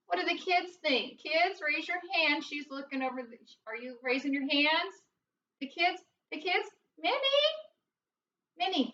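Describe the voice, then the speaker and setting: A woman with a high voice who teaches first grade, speaking slowly and gently to young children. The sound is dull and roomy, caught from a distance with faint room noise behind. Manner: slow, gentle, coaxing, talks to a puppet. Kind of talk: recorded lesson for young children.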